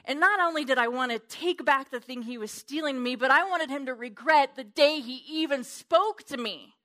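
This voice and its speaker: Fervent, bright-voiced woman preaching. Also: high voice, normal speed. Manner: fervent, emphatic, swinging from loud to hushed. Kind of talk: sermon. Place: church.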